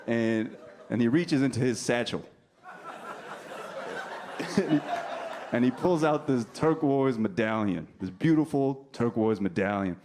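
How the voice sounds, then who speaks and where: A man from New Jersey working a comedy club stage with a low voice and dry, teasing delivery. His set is caught live, with crowd noise and laughter clearly audible behind him. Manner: deadpan, teasing the audience. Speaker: stand-up comedian. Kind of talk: stand-up routine with crowd work. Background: audience laughter.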